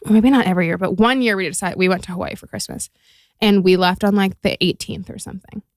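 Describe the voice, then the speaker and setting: A woman's voice: medium pitch, fairly even intonation, fast talker, dry recording, clean studio sound. A young adult woman chatting as a podcast guest, talkative and full of fillers like "like" and "um". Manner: chatty, filler-heavy, giggly. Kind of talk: casual chat.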